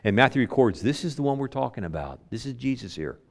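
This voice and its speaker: Male pastor mid-sermon, mid-pitched voice, swings from emphatic to hushed. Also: very animated, quick pace. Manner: preaching with big swings between loud emphasis and soft, low asides.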